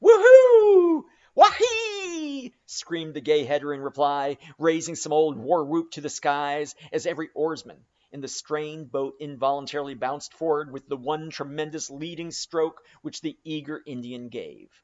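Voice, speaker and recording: A man reading a classic novel aloud as a dramatic audiobook narration with expressive, varied delivery. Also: on the high side, moderate pace, hardly any pauses, dull audio. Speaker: audiobook reader.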